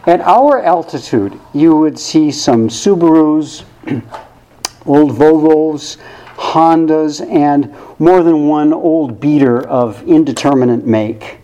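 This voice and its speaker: Wry, mellow-voiced man giving a sermon. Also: fairly high pitch, takes it slowly, dull audio. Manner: thoughtful, wry, conversational with asides. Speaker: worship service speaker. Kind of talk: sermon reading to a congregation. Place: church sanctuary with a congregation.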